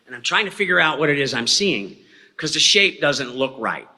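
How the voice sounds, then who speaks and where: His voice is fairly high with a sharp tone, very animated, and at a normal speed. This eyewitness, addressing an audience in a hall, tells his story in a folksy, rambling manner and often asks "okay?". The recording carries reverberant hall sound.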